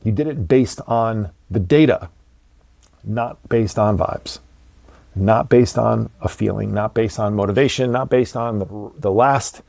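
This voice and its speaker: A man's voice: lowish voice, measured pace, gravelly, darkish tone, dry recording. A man hosting a motivational podcast, talking bluntly and emphatically, with casual swearing. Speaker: podcast host.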